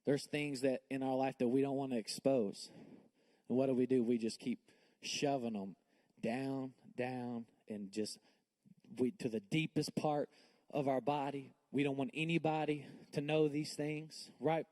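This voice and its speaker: A man's voice: mid-range voice, steady tone, normal speed, warm tone. A male pastor preaching a sermon in a church, candid and personal, building to emphatic bursts. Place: church sanctuary.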